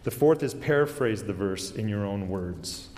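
A man's voice: fairly low pitch, animated. Earnest preacher man in a reverberant hall. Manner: earnest, slows and drops to a hush on key words. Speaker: pastor. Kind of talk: sermon.

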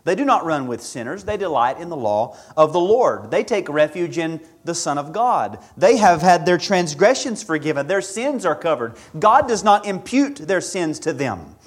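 A man preaching an expository sermon, measured and emphatic, repeating key words for stress. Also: a little high, big pitch swings, breathy edge.

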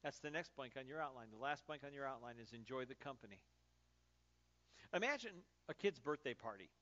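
A man in his thirties preaching a sermon as a pastor, telling stories in an animated, conversational way with fillers. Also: medium pitch, a little fast, highs cut off.

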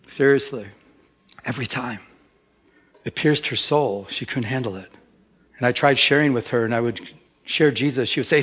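A middle-aged man, a pastor, preaching a sermon with lively emphasis that rises in pitch. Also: a little fast.

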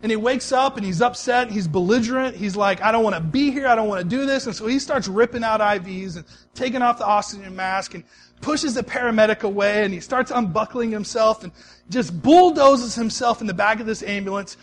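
High-voiced male pastor preaching. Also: a little fast, a little hiss or hum. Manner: conversational storytelling, swings between soft and emphatic. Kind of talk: sermon.

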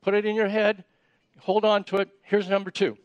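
A man's voice: high-pitched, level tone, moderate pace, no echo, muffled recording. A man giving a sermon in a conversational way, often repeating words as he starts sentences and asking the audience questions. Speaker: preacher.

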